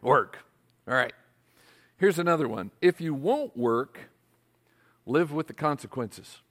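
A male pastor preaching a sermon, asking his congregation rhetorical questions in an animated way. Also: on the high side, slow.

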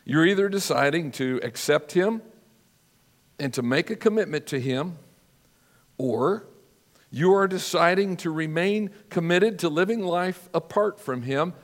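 A man preaching a sermon as a pastor, earnest and measured, telling stories with drama. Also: on the high side, expressive, long reverb tail.

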